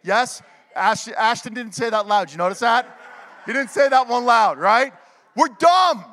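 A middle-aged man preaches from the pulpit in a strikingly high voice, and long reverb from a large church hall trails every phrase. He swings between loud, urgent exhortation and near-whispered confession, stopping to ask the congregation for an amen. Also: moderate pace. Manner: calls for amens from the congregation. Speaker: pastor. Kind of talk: sermon.

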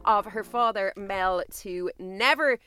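A woman's voice: medium pitch, slow, bright, forceful tone, soft background music. A woman co-hosting a podcast in casual chat, talking freely and laughing often, feeling emotional. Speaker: podcast co-host.

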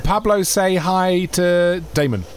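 A man co-hosting a podcast, joking quickly and taking calls from listeners. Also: high voice, a loud crowd. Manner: quick, jokey, talks over callers. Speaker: podcast co-host. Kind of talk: casual chat.

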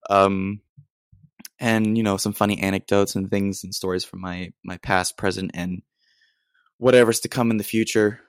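A man's voice: fairly low pitch, fairly even intonation, moderate pace, clean tone, dry recording, studio quality. A young American man hosting a casual solo podcast, rambling in a self-deprecating way with lots of ums and restarts. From United States. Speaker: podcast host.

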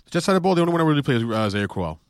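A man co-hosting a casual podcast, rambling quickly and repeating his picks. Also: on the high side, big pitch swings, clean tone, no echo, studio quality. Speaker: podcast co-host. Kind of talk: casual fantasy football chat.

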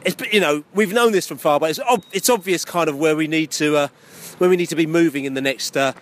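A man's voice: fairly high pitch, quick pace. A man hosting a football podcast in a car park, chatting casually and rambling through restarts as he thinks aloud. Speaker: podcast host. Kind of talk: casual post-match chat. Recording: faint outdoor traffic noise.

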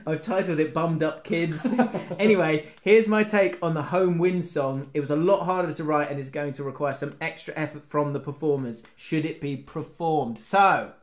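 A man co-hosting a podcast, bantering and reading out listener messages with frequent laughter. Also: on the high side. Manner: jokey, laughs often, reads messages aloud. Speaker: podcast co-host.

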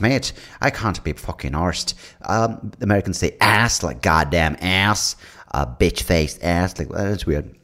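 Deep-voiced male podcast host; loose, meandering solo talk full of fillers and casual swearing, recorded close to the mic. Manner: rambling, with many fillers and restarts; swears freely. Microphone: leaning in close to the mic.

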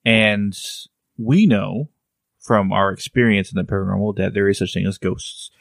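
A man's voice: on the low side, fairly even intonation, normal speed, vocal fry, no room sound. A man co-hosting a podcast, talking casually and rambling through restarts as he explains ideas. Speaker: podcast co-host. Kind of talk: casual chat.

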